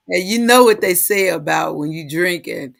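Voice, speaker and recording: A co-host in a casual talk show, teasing and laughing quietly as they talk. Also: mid-range voice, creaky. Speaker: podcast co-host. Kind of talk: casual conversation.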